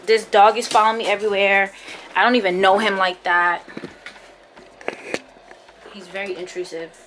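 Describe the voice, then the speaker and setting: A woman's voice: medium pitch, level tone, normal speed, background noise. A woman vlogging casually about her small business, venting her frustration and swearing often. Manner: frustrated, swearing, repeats herself. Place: out and about, then at home.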